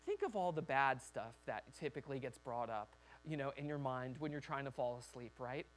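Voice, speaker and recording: A man's voice: mid-range voice, brisk, faint music behind. A man preaching a sermon as a pastor in a church, talking conversationally and acting out quoted voices.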